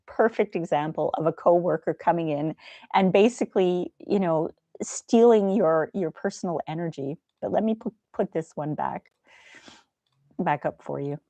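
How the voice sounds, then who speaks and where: Middle-aged woman chatting on a live stream, soft easygoing talk, a bit low, dry sound. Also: moderate pace, no echo. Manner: gentle, chatty, reads viewer comments aloud. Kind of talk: casual live-stream chat.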